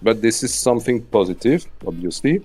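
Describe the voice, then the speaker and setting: A man's voice: medium pitch, animated, fairly quick, darkish tone, husky, faint music behind. A man with a French accent, chatting casually as a guest, often restarting and searching for English words. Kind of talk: casual chat.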